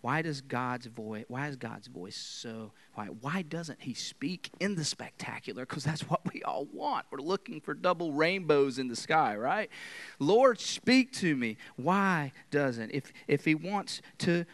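A man preaching a sermon, moving from loud, emphatic lines to hushed whispers. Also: on the high side, lively intonation, measured pace, few pauses, dry recording.

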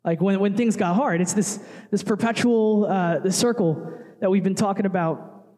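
A man's voice: sits high, moderate pace, warm tone, long reverb tail. A young man, a worship leader, giving a casual, chatty sermon full of asides and fillers.

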